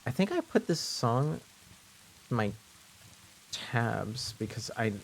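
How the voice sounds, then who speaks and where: Slow-talking joking male streamer. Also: medium pitch, big pitch swings, vocal fry, a little hiss or hum. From French Canada. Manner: rambling, joking, repeats himself. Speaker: live streamer. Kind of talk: casual stream chat.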